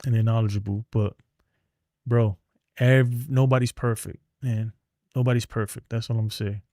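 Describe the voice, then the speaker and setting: Here a middle-aged New York man, a sports streamer, speaks at a moderate pace in a mellow, medium-pitched voice with fairly even intonation; the audio is studio quality with no echo. His casual livestream is a blunt, rambling rant that trails into mumbles.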